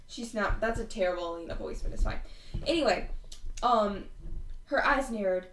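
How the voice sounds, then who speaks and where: A woman's voice: medium pitch, expressive, moderate pace, long pauses, a bit bright. A young woman co-hosting a casual book podcast, enthusiastic and reading her notes aloud. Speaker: podcast co-host. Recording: echoey room, distant mic, faint noise.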